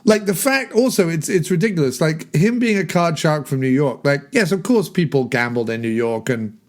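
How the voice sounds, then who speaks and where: Man, higher than average voice, rambling podcast guest, amused. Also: animated, normal speed. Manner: chatty, digressive, laughs at his own jokes. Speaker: podcast film discussion guest. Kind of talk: casual film chat.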